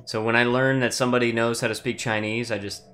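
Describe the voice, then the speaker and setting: A man's voice: mid-range voice, little pitch movement, fast, a bit bright, faint music behind. Easygoing man with a Midland American accent. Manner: easygoing, corrective, laughs often. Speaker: co-player. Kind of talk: casual chat while gaming.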